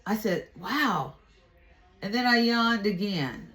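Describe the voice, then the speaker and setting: Slow, low-voiced woman telling her story. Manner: candid, reflective, with frequent restarts. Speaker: vlogger. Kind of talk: personal storytelling.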